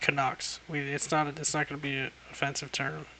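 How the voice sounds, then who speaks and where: A man's voice: on the high side, monotone, a little fast, gravelly, sharp tone, a little hiss or hum. A young man chatting casually on a livestream, rambling and swearing constantly.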